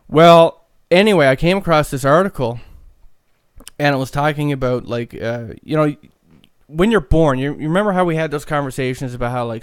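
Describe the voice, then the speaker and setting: A man's voice: medium pitch, smooth, no echo, studio quality. A man hosting a podcast, talking casually in a rambling way with many fillers and restarts. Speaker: podcast host.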